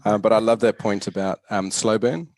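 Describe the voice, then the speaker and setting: A man in a casual talk, hesitant and pausing through many fillers as he recalls an old remark. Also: on the low side, steady tone, a little mellow, dry recording. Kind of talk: casual chat.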